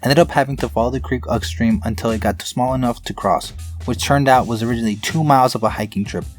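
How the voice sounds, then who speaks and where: A man reading online stories aloud in steady first-person narration. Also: mid-range voice, fast, faint music behind. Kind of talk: scripted narration of online posts.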